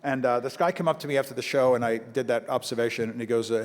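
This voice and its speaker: A man from Brooklyn doing stand-up comedy to an audience, telling animated stories and slipping into acted-out voices. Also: mid-range voice, quick pace. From Brooklyn, New York. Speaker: comedian and motivational speaker. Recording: live hall with long reverb, faint ambience.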